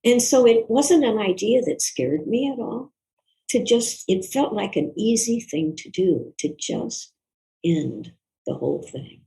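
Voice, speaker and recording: An older woman, a guest author, recalling a personal story in an interview in a reflective, soft-spoken, earnest way. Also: mid-range voice, lively intonation, unhurried, gravelly, poor audio.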